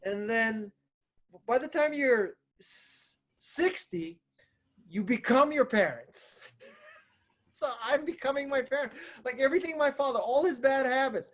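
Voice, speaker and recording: A man's voice: very high voice, lively intonation, a little slow, fairly bright tone. A man in his fifties talking as an author guest on a podcast, joking and laughing at himself. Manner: self-deprecating, joking, laughs often. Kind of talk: casual interview chat.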